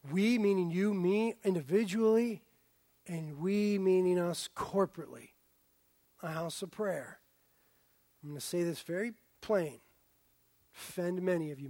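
A man preaching a sermon as a pastor, animated and swinging from loud exclaiming to a hushed near-whisper. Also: high-pitched, no room sound, studio quality. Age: young adult.

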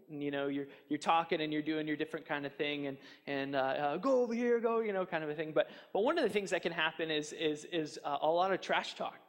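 A man preaching a sermon, animated and chatty, acting out taunts with fillers and restarts. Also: a little high, long reverb tail. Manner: animated, mocks enemies' taunts in a raised voice. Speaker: pastor.

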